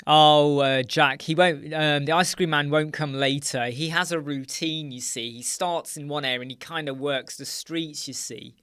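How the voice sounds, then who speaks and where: A man's voice: on the high side, fairly even intonation, moderate pace, few pauses, a bit bright, clean tone, dry recording, clean studio sound. Chatty man hosting a live stream. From United Kingdom. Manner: chatty, jokey, reads viewer comments aloud and laughs often. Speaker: host of a live chat. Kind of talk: casual live-stream chat. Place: dark room with soundproof panels.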